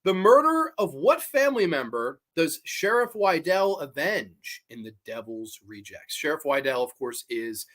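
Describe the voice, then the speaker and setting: A man's voice: fairly high pitch, very animated, unhurried, hardly any pauses, fairly bright tone. A man hosting a casual horror livestream, reading chat aloud and chatting while snacking on candy. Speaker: livestream host.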